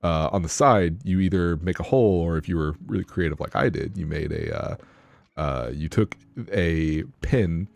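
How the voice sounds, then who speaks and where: A man's voice: low voice, animated, normal speed, creaky, a little mellow. A man telling a rambling, profane story in a casual chat among friends on a podcast. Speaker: podcast co-host.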